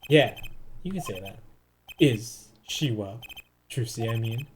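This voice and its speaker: A man's voice: medium pitch, expressive, takes it slowly, darkish tone, slight background noise. A man reading the lines of a dry, wry male defense attorney from a video game, narrating in an understated way. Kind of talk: reading game dialogue aloud.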